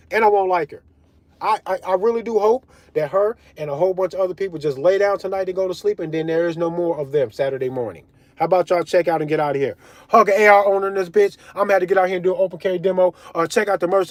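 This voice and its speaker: A man with a slightly high voice rants at his viewers, heated and full of swearing. He talks straight to the camera in a loose, worked-up commentary that swings between shouting and muttering. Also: dry recording. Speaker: political commentary vlogger. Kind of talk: profane ranting commentary.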